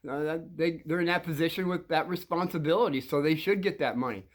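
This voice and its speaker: A man in his sixties with a fairly high voice and quick pace hosts a show for kids, telling rambling, anecdotal stories. He meanders, restarts sentences often, and chuckles between thoughts.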